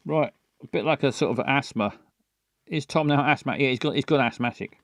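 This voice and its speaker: A man's voice: mid-range voice, brisk, dry recording, studio quality. A man hosting a comedy podcast, improvising characters in crude, rambling talk full of stammered restarts.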